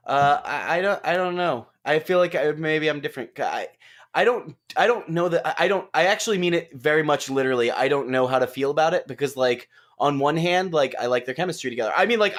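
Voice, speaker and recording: A man's voice: on the high side, a bit bright. A man co-hosting a podcast who talks hesitantly, searching for words and repeating himself. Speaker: podcast co-host. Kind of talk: casual chat.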